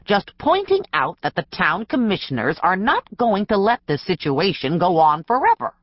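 A woman voicing a smooth male doctor coaxing an old man to sell. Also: medium pitch, big pitch swings, normal speed, dry recording, muffled recording. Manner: coaxing, persuasive.

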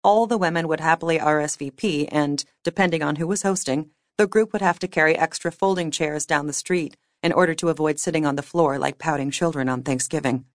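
A woman reading fiction aloud as an audiobook narrator, with measured, wry storytelling. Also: sits low, no room sound, studio quality. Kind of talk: scripted narration.

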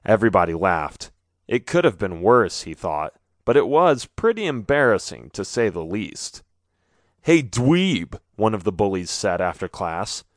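A man narrating a children's storybook in an expressive, animated way on a studio microphone. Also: deep voice, normal speed, no echo. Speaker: audiobook narrator.

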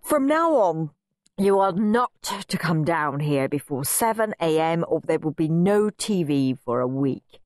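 A woman voicing a sleepy but stern father, brisk and firm, in a storybook reading. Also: low voice, big pitch swings, a little mellow, no room sound, clean studio sound.

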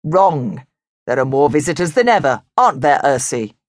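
A woman voicing a smug, know-it-all male brown bear in a children's storybook, lower and slower. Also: very animated, no echo, studio quality.

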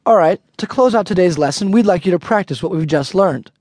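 An American man teaching an audio language lesson, chatty and relaxed, slowing down carefully to model each phrase. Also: sits high, no echo, studio quality. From United States.

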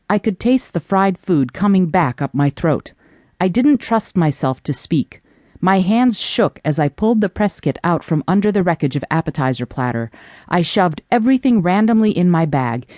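Expressive woman narrating an audiobook, lowish voice, swoops a lot. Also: moderate pace, dry recording, studio quality. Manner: expressive, animated reading. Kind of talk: first-person audiobook narration.

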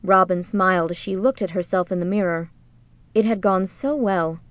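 A woman narrating an audiobook in a measured, even storytelling manner, recorded close to the mic. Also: lowish voice, dry recording. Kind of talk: scripted narration.

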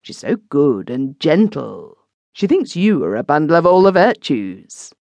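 A glib young gentleman in debt, as an audiobook narrator puts him on, teasing and wheedling in a raised, lively voice. Every line sounds dry and close to the mic, with no room sound. His pitch swings freely. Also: measured pace, vocal fry, no echo, full character voice.

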